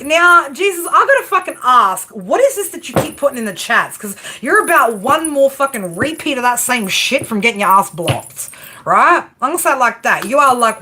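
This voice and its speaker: A woman's voice: high voice, sharp tone, slight background noise. Brash, sweary woman reading tarot live. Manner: brash, sweary, chatty, calls viewers girl and baby. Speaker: tarot reader.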